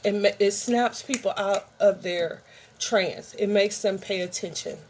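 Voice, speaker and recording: Slow-talking chatty woman vlogger. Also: medium pitch, slight background noise. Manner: rambling, chatty, talks to viewers directly. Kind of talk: casual show-and-tell vlog.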